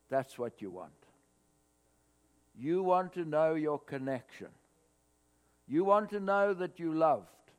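A man preaching a sermon to his congregation, swelling louder on scripture quotes. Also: a little high. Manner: expressive preaching, rising loud on scripture quotes. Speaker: pastor. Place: church hall, cold morning. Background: mains hum.

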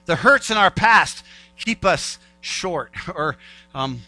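A man's voice: high-pitched, lively intonation, slow, bright, forceful tone, no echo, faint music behind, rough recording. A male pastor giving a conversational sermon. He repeats key phrases and acts out the voices of doubters.

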